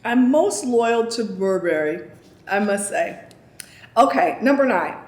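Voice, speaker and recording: This vlogger speaks slowly in a medium, slightly mellow voice with lively intonation while answering her viewers' questions. Chatty and emphatic, she keeps saying "I kid you not" and "okay?", and the room is echoey.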